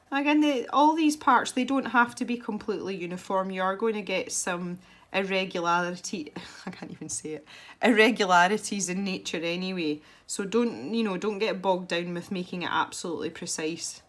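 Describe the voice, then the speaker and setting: Chatty low-voiced woman teaching colouring. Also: a bit bright. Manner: chatty and self-deprecating, with small laughs. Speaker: colouring tutorial host. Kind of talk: casual tutorial narration while colouring.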